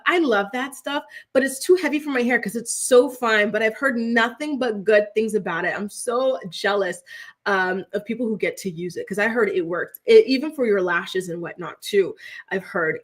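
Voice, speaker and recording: A woman in her thirties hosting a casual gossip show. She talks to her viewers in a chatty, animated way, keeps asking "right?", and slips into mock voices when quoting people. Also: medium pitch. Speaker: host.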